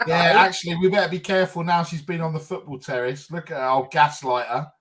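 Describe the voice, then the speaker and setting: A man's voice: on the high side, little pitch movement, quick pace, very noisy. A man on a casual football panel, mocking and teasing the others. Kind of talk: casual chat.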